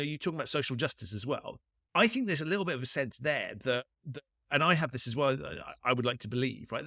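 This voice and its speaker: A man's voice: on the high side, a bit bright, no room sound, studio quality. A man hosting a podcast, thinking aloud and probing his guest with musing, restarting questions. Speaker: podcast host. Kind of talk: casual interview conversation.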